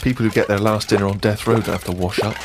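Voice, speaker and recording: A man's voice: fairly low pitch, steady tone, very fast, background noise. A man hosting a podcast, teasing his guest and reading a diary aloud in a mock-serious way. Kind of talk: mocking podcast banter and reading.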